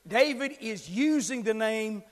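Male pastor, high voice, dynamic preacher: whispers, then shouts, leads call and response, big hall echo. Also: expressive, measured pace. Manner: asks the congregation to repeat after him. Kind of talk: sermon. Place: church sanctuary. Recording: long hall reverb.

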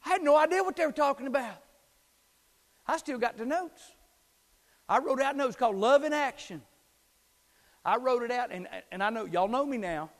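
Man, pastor, animated sermon, shouts then hushes, reverberant church hall. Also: very high-pitched, normal speed, long pauses. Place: church sanctuary.

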